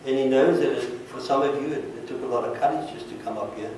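A man's voice: mid-range voice, fast talker, darkish tone, a little hiss or hum. A man leading an altar call as pastor, praying earnestly and repeating short pleading blessings over the congregation. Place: large church sanctuary. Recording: very echoey church from far off.

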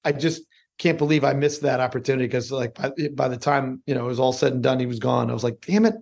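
A middle-aged man from Chicago, an actor guest telling stories in casual podcast chat, lively and swearing freely. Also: mid-range voice, quick pace, creaky, slightly rough.

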